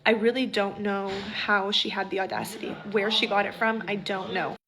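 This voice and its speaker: A woman's voice: mid-range voice, steady tone, normal speed, crowd noise, poor audio. A woman vlogger telling a story in a heated, indignant rant, full of "like" fillers.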